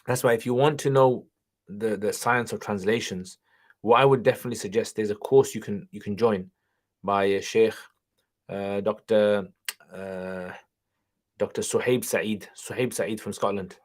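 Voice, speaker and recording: A man hosting a casual livestream Q&A while driving, reading viewer questions aloud and answering them in a relaxed, chatty way. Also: on the low side, moderate pace. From England. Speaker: channel host, Islamic teacher. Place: car, driving while streaming.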